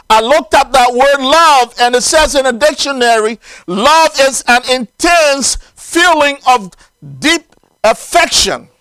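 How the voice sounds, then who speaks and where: A man's voice: extremely high pitch, sharp tone, clean tone, no echo, low-quality recording. A man preaching a sermon in an earnest, emphatic way, stressing single words as he explains scripture.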